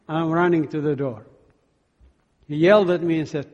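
High-voiced man preaching in a hall. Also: a little slow, long pauses, highs cut off. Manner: animated storyteller acting out dialogue. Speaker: speaker giving testimony. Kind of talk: sermon testimony storytelling. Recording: long hall reverb.

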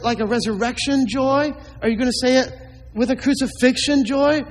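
A man's voice: extremely high pitch, in a large hall, poor audio. A man preaching a sermon as a pastor, emphatic, with many rhetorical questions to the congregation.

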